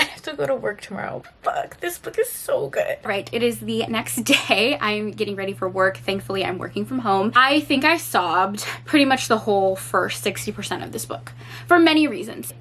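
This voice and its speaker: A woman's voice: medium pitch, a little fast, fairly bright tone, slight background noise. A woman book reviewer talking in a casual reading vlog, chatty and heartfelt, with lots of "like" fillers.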